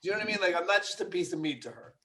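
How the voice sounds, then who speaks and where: High-voiced joking man player. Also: racing, pushed and bright. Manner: joking, rambling, playful. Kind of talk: casual tabletop play.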